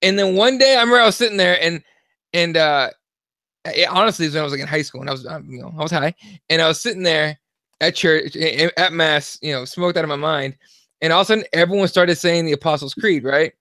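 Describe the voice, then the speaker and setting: A man co-hosting a casual comedic podcast, telling profane stories in an animated way. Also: on the high side, quick pace, dry recording, clean studio sound. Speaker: co-host.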